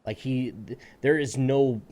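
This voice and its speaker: A man co-hosting a gaming podcast, telling a long anecdote in a casual, animated way and acting out the people in it. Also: medium pitch, a little slow. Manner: animated, acts out voices in anecdotes. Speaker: podcast co-host. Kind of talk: casual storytelling.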